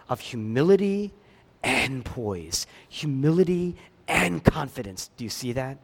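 A pastor preaching a sermon, swinging between loud emphatic lines and hushed ones, with chatty asides to the congregation. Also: male voice, mid-range voice, big pitch swings, a little slow, vocal fry, husky.

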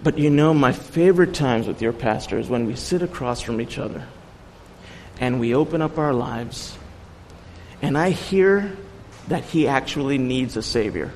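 A man's voice: medium pitch, animated, normal speed, darkish tone, big-room sound, slight background noise, low-quality recording. A man giving an earnest sermon as a guest preacher, telling personal stories with light humor.

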